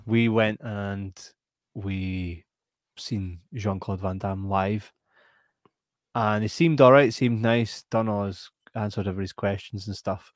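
A man with a Scottish accent hosting a podcast in casual chat, animated and laughing as he reads out viewer comments. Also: on the low side, takes it slowly, no room sound, clean studio sound. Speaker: podcast host.

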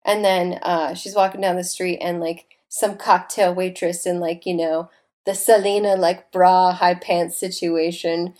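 Young woman gushing about an old movie, acts out lines, swears a lot, voice a bit low. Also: unhurried. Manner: animated, acts out characters, swears freely. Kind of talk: casual chat retelling a movie.

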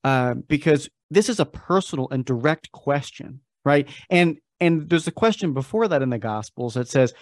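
A man's voice: on the high side, lively intonation, moderate pace, hardly any pauses, dry recording. Explaining male filmmaker guest, dry sound. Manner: explaining, repeats words when starting. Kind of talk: interview answer.

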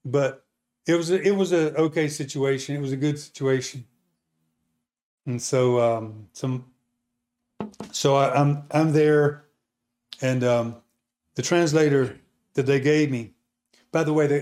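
A man preaching, telling a testimony story as an animated storyteller who asks his listeners questions. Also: medium pitch, unhurried, long pauses.

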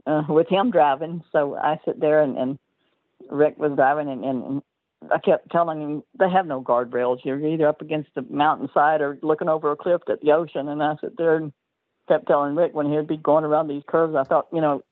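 A woman's voice: low voice, fairly even intonation, moderate pace, dry recording. An older woman telling stories as an interview guest, rambling and laughing often mid-sentence, heard over a tinny phone line.

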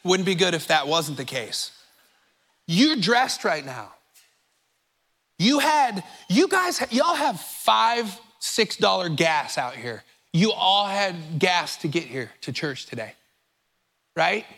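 A man's voice: high voice, very animated, takes it slowly, creaky, a bit bright. A man preaching a sermon to his church in a conversational, emphatic way, a little out of breath from pacing the stage. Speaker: pastor. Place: church sanctuary.

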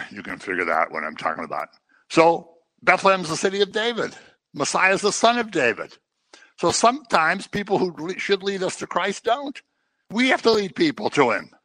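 Guy giving a chatty sermon, bright forceful voice, dry close sound, cracks little jokes as he goes. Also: high-pitched, big pitch swings, normal speed, dry recording, low-quality recording. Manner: chatty, joking asides and everyday anecdotes. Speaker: preacher. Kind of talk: conversational sermon.

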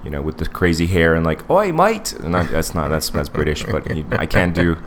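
A low-pitched man in his forties talking through a casual podcast review, wandering from point to point with lots of ums and restarts. A faint hiss sits under the recording. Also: level tone, brisk. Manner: rambling, digressive, many fillers and restarts. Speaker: podcast co-host.

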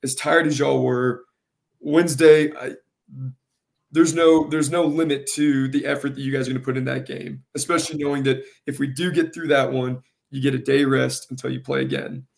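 A man, a high school soccer coach in a casual interview, with a gravelly, carrying voice and an earnest, halting way of repeating words. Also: steady tone.

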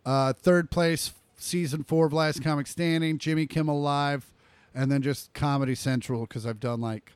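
A man's voice: fairly high pitch, fairly even intonation, moderate pace, smooth, no echo. A man co-hosting a comedy podcast, chatting casually, loose and profane, laughing often. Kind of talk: casual chat.

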